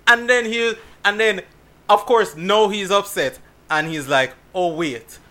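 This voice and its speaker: A man from Jamaica, chatting casually and telling stories in an animated way, laughing often. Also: high-pitched, unhurried. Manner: animated storytelling with frequent laughs. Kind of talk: casual chat.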